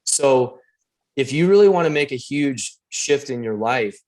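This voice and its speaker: Man, middle-aged, coach, casual podcast talk, animated storytelling, middle pitch. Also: unhurried. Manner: animated storyteller, acts out quoted dialogue.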